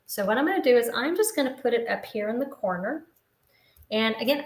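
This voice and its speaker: A woman in her fifties walks through a papercraft project in a relaxed, chatty way, explaining each step as she goes. Her voice sits a little high. The sound carries a room echo and a faint background hiss. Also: fairly quick. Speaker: papercraft instructor. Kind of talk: casual craft demonstration.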